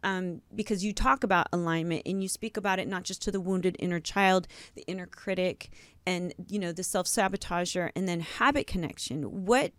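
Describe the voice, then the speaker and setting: A woman's voice: on the low side, normal speed, no room sound. Affirming woman host, dry sound. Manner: warmly affirming, rambling questions. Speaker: podcast host. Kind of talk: interviewing a guest.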